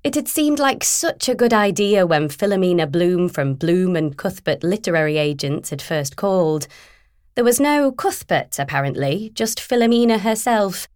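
A woman narrating a first-person novel in a wry, steady storytelling manner. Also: fairly low pitch, normal speed, no room sound, clean studio sound. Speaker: audiobook narrator.

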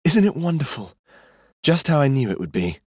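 A man's voice: sing-song, a little fast, a little mellow, dry recording, studio quality. Man voicing scornful headstrong young woman. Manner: mocking, defiant, raised pitch. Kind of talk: audiobook character voice.

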